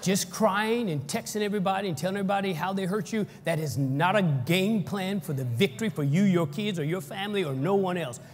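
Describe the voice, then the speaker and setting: A man preaching a sermon as pastor, energetic and leading the congregation in call-and-response. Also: high voice, brisk, few pauses, a little hiss or hum. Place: church hall. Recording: echoey church hall.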